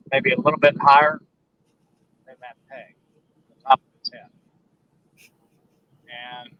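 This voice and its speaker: A man, a guest on a phone interview, recounting an encounter in a halting, emphatic way with repeated words. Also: medium pitch, bright, forceful tone, slight background noise. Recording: dull lo-fi phone line.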